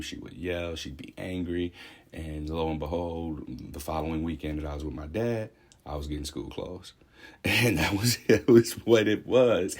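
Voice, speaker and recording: A man's voice: extremely low pitch, a little mellow. A young man speaking a candid, reflective personal monologue in a conversational way, thinking aloud. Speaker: vlogger.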